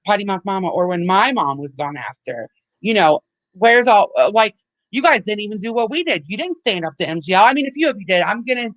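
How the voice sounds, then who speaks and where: A woman with a medium-pitched voice hosts a livestream and launches into an angry rant, swearing heavily and restarting again and again. The recording is low-quality but free of echo.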